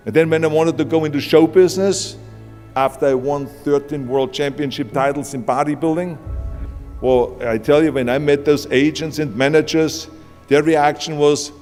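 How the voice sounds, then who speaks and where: A man's voice: on the high side, fairly even intonation, moderate pace, a little mellow. A man with an Austrian accent giving an emphatic, punchy motivational speech, with long hall reverb and music behind. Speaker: motivational speaker.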